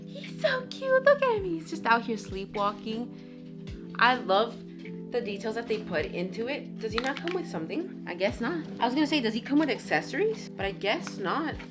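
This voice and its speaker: Gushing, excitable woman vlogger. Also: fairly high pitch, moderate pace, music in the background. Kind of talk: casual unboxing chat.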